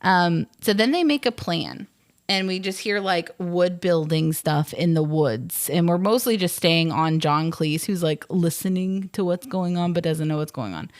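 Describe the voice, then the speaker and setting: A woman's voice: fairly low pitch, unhurried, no room sound, clean studio sound. A woman co-hosting a film podcast, chatty and rambling as she retells scenes with lots of fillers. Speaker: podcast co-host. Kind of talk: casual movie recap.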